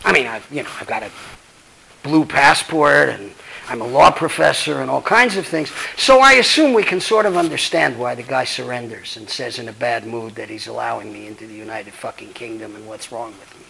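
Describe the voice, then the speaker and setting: A man's voice: mid-range voice, animated, a little fast, creaky, pushed and bright, husky, low-quality recording. A man, a law professor, giving a blunt, emphatic, profane lecture and answering audience questions.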